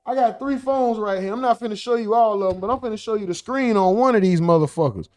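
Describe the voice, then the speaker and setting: A man with a fairly high voice riffs through casual reaction commentary, animated and mocking. The sound is close and dry, with no room around it. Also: fast talker, no room sound. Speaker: host.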